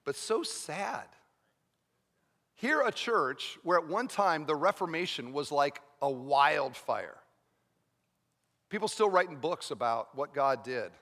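A man's voice: a little high, expressive, measured pace, a bit bright. A man preaching a sermon as pastor, moving from chatty storytelling to fervent, earnest preaching. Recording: long reverb of a large hall.

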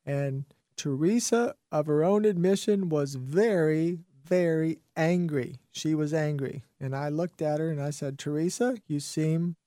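A man's voice: a little high, a little slow, few pauses, dark tone, dry recording, studio quality. A man hosting a radio talk show, preaching with fervent, repetitive motivational conviction. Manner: fervent, preachy, repeats phrases for emphasis. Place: radio studio. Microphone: studio microphone.

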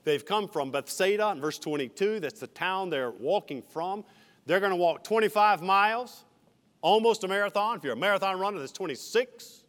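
A man's voice: high voice, animated, normal speed, a bit bright. Preaching man in an echoing sanctuary. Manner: expository preaching, verse by verse with asides. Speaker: senior pastor. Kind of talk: sermon. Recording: reverberant church hall.

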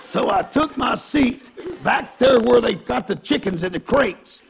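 A man preaching a sermon through a self-mocking story, animated and given to bursts of shouting. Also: extremely high pitch, unhurried, gravelly, a little hiss or hum.

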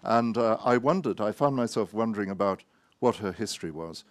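A man, an author, giving a wry, anecdotal talk full of hesitant pauses and self-mocking asides. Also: lowish voice, dry recording.

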